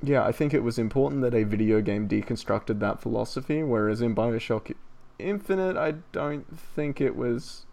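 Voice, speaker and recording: A gravelly-voiced Australian man talks loosely on a late-night podcast, clearly a bit drunk and worn out. He laughs easily and swears without thinking about it, staying mid-pitched and chatty. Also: moderate pace, darkish tone. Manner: laughs often, swears casually. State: tipsy and tired. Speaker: podcast host. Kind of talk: casual late-night chat.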